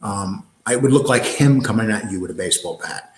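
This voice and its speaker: A man's voice: on the low side, brisk, echoey room, low-quality recording. A man hosting a casual livestream, reading viewer comments aloud and answering in blunt, rambling street talk.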